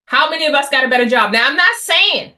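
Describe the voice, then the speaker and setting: A woman's voice: sits high, lively intonation, quick pace, sharp tone. A woman teaching a class on healing, speaking bluntly and with animation, with asides and mock voices. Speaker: class host on healing after infidelity. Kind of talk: lively lecture to an audience.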